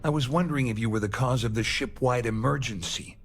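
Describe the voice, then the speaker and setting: A man's voice: mid-range voice, fairly quick, lightly acted. An actor voicing a suspicious male security officer in a video game, speaking in a stern, accusing way.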